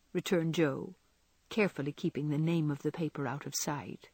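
A woman narrating a classic storybook in an expressive reading style. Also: deep voice, moderate pace, slightly rough, no room sound. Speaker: audiobook narrator.

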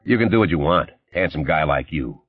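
A man's voice: a bass voice, lively intonation, fairly quick, breathy edge, no room sound, heavily acted. A man voicing a blunt, teasing male police lieutenant in an audiobook. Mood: brash teasing. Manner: brash, teasing. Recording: slightly dull, dry recording.

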